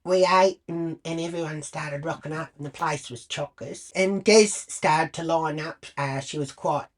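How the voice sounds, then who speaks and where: A woman's voice: low voice, unhurried. A woman telling a crude, blunt comic story full of swearing. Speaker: comedy character storyteller. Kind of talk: comic monologue.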